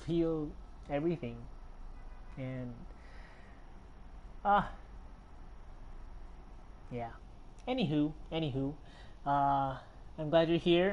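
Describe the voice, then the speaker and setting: Slow-talking man chatting while gaming. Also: on the high side, a little hiss or hum. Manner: rambling, sympathetic, many fillers and restarts. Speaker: gaming streamer. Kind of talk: live gameplay commentary.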